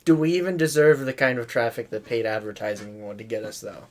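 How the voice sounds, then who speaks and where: A young man co-hosting a podcast, making dry, deadpan, teasing remarks. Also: mid-range voice, fairly quick. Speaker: podcast co-host. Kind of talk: casual chat.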